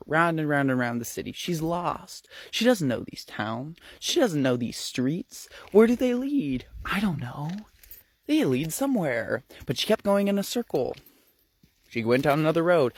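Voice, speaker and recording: A man's voice: mid-range voice, no echo. Chatty man retelling a book. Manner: chatty, swears, repeats words for effect. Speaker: book recap storyteller. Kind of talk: casual storytelling.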